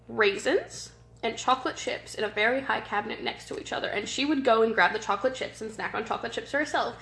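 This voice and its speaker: A woman with a slightly high voice chats on a podcast, telling lively, giggly stories about family. The sound is roomy, with a noticeable basement echo around her. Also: quick pace, faint music behind. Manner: animated, giggly storyteller. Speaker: podcast co-host. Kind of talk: casual chat. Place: suburban basement.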